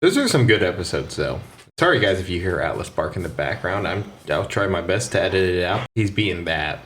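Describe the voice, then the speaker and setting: A man's voice: low voice, big pitch swings, a little fast, fairly bright tone, slight background noise. Easygoing, rambling man hosting a podcast. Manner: rambling, easygoing, stumbles and restarts. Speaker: podcast host. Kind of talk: casual chat.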